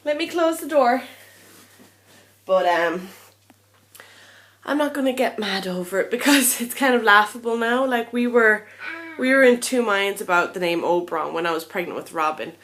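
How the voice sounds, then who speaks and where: A woman's voice: medium pitch, normal speed, a bit bright. A young woman chatting casually to camera in a vlog, tired and a little out of breath, rambling and frank with lots of ums. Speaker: vlogger.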